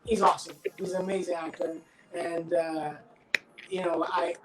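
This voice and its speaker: A middle-aged actor being interviewed, telling stories in a loose, animated way and acting out his friends' voices. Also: on the high side, normal speed, reverberant, noisy background. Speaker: actor guest. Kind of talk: casual interview storytelling.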